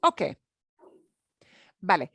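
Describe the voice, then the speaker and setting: A woman teaches a beginner Spanish class at a slow pace in a fairly bright voice, with no echo. She is patient, explaining step by step, switching between English and Spanish and laughing lightly.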